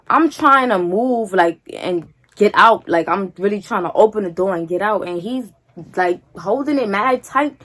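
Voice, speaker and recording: A young woman vlogger, telling a story to camera in a casual, animated, slangy way. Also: mid-range voice, moderate pace. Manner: animated, slangy, repeats "like" and "feel me".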